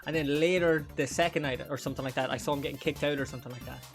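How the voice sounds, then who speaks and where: A man's voice: on the high side, steady tone, rapid-fire, over music. Crude joking young man streaming. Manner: crude, joking, laughs often. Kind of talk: live gameplay commentary.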